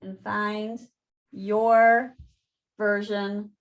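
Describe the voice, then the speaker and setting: A woman yoga instructor giving calm step-by-step cues and counting breaths through a guided class. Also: mid-range voice, drawn-out words, highs cut off. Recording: echoey room.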